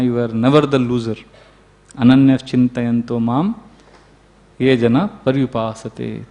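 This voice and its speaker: A man, a preacher telling a devotional story in an animated way. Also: medium pitch.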